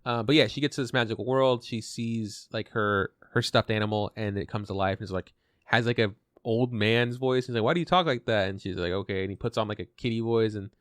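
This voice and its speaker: A man co-hosting a podcast, chatting casually and retelling an anime with lively quoted bits and swearing. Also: on the low side, fairly quick, dry recording, studio quality. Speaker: podcast co-host. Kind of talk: casual chat reviewing an anime.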